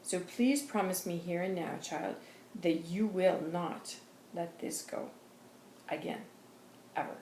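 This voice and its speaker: A woman voicing a stern, fatherly male spirit guide who speaks slowly and solemnly. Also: lowish voice, a little mellow, slight background noise. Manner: slow, solemn admonishing speech. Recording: roomy echo.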